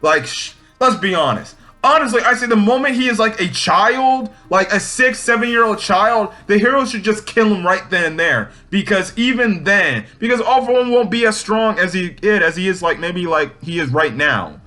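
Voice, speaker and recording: A young man with a bright, forceful voice, sitting a little high for a man, talks loosely through a comic review. He leans on fillers and restarts. Faint music plays under him. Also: animated, normal speed, few pauses. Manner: casual, many fillers and restarts. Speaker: manga review youtuber. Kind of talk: casual spoken review.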